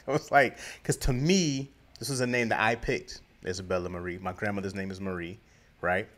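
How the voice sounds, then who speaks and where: A man's voice: medium pitch, fast. A man co-hosting a loose, unfiltered podcast, his voice sitting in an ordinary middle register. He spins stories animatedly, slipping into the voices of the people he quotes and breaking into laughter. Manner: animated storyteller, acts out quoted lines, laughs often. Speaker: podcast co-host. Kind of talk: casual storytelling chat.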